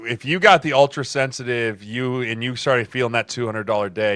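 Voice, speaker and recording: A man's voice: mid-range voice, brisk, few pauses. A man in his thirties co-hosting a podcast in casual chat, telling stories with laughs and acted-out quotes. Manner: animated storyteller, laughs often, acts out quotes. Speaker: podcast co-host, former offensive lineman.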